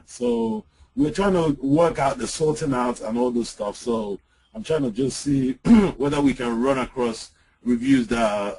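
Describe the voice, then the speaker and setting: Guy demoing a tool on a webinar, husky voice, lots of uhs and ums, computer mic. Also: mid-range voice, darkish tone, poor audio. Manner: hesitant, lots of "uh" and "um". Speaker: webinar presenter. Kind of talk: software demo over screen share. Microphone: computer mic on an online call.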